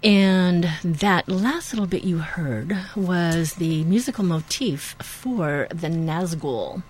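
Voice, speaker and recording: A woman's voice: lowish voice, lively intonation, slow pace, darkish tone, a little hiss or hum. A woman hosting a radio show, chatting enthusiastically with some fillers. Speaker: radio host. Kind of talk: casual radio talk.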